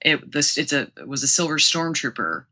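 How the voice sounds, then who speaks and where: Low bright-voiced chatty woman. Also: moderate pace. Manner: chatty, animated, quotes people in raised voices. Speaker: podcast guest. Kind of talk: casual storytelling.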